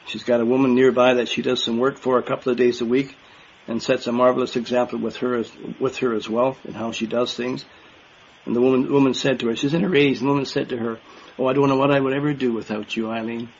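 A man's voice: medium pitch, lo-fi sound, slight background noise. An older man giving an earnest, emphatic sermon to a congregation, repeating key words for stress. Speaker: minister.

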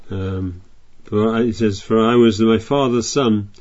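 A man's voice: fairly low pitch, fairly even intonation, unhurried, darkish tone, highs cut off. A man preaching a sermon, reading scripture aloud and explaining it in a chatty way with frequent restarts.

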